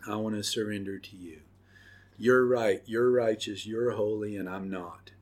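A middle-aged man hosting a podcast and telling his personal testimony, earnest and halting, with many pauses and fillers. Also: fairly low pitch, steady tone. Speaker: podcast host.

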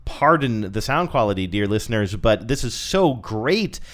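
A man's voice: fairly low pitch, very animated, normal speed. A man co-hosting a podcast in casual chat, rambling and chatty. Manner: rambling, chatty, with many fillers. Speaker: podcast co-host.

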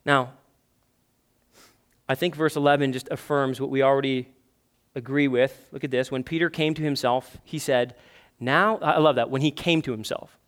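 A man's voice: mid-range voice, moderate pace, pauses often. A man in his thirties preaching a sermon in church, breaking into pleading, acted-out prayers with lots of energy. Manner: animated, acts out prayers in a pleading raised voice. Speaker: pastor. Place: church sanctuary.

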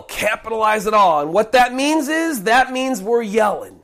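Preacher going verse by verse, gets loud and emphatic, restarts a lot. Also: mid-range voice, animated, moderate pace. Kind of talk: Bible teaching sermon.

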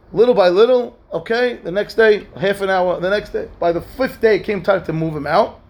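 A man's voice: sits high, lively intonation, brisk, creaky, a little mellow. A man, a rabbi, telling a story in a lesson and acting out the characters' lines in raised voices. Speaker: rabbi teaching a class.

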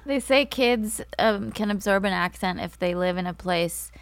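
A woman's voice: mid-range voice, gravelly. A woman who is a guest on a talk show, chatting casually in a playful, teasing way. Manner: playful, teasing, quick to laugh. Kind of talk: casual chat.

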